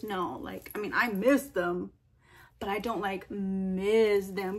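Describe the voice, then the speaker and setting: A young woman answering viewer questions in a casual vlog, chatty and animated, full of fillers and quoted asides. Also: medium pitch, a little slow, breathy edge. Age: young adult. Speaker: vlogger.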